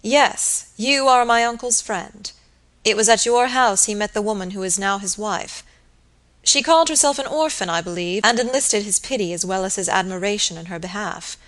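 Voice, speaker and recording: Woman reading a grave young gentleman lawyer, formal and measured, Victorian storybook. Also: mid-range voice, lightly acted. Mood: earnest. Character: grave earnest young male barrister.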